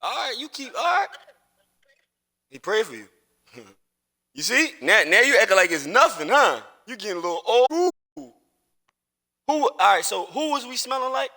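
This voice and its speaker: A man's voice: extremely high pitch, big pitch swings, normal speed, pauses often, pushed and bright. A man chatting casually while gaming on a live stream, rambling and teasing with lots of profanity. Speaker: streamer and father.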